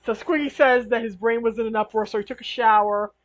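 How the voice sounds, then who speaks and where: A woman's voice: a little high, quick pace. Woman recapping a sitcom, lo-fi sound. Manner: animated recapping, laughs between lines. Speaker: podcast co-host. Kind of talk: casual chat recapping a sitcom episode.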